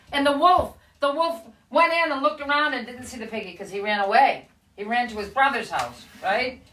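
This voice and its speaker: A woman's voice: high-pitched, far from the mic. A middle-aged woman telling a story to children on a live video, asking them questions as she goes. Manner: animated, questioning the kids, gasps and laughs. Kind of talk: read-aloud storytelling for children. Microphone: live video stream. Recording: echoey room, away from mic.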